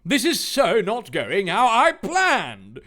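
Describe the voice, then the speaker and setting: A man voicing a bumbling, petulant male poacher villain from a comic story reading, in a shrill, theatrical way. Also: huge pitch swings, slow, bright, forceful tone, heavily acted. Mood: gloating.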